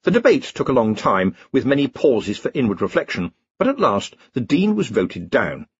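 A man reads an audiobook with a husky voice and a wide, lively pitch. His delivery is dry-humoured. The recording is dull and dry, close to the mic. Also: normal speed, no room sound. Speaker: audiobook narrator. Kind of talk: audiobook reading.

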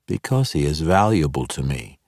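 A man reading an audiobook and voicing a sly, playful male dark elf mercenary leader who talks smoothly and teasingly. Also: very deep voice, very animated, normal speed, dry recording, studio quality, heavily acted. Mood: persuasive.

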